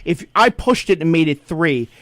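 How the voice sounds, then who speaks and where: A man co-hosting a casual podcast, telling a profane, animated story. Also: a little high, normal speed, no echo. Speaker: podcast co-host. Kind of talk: casual chat.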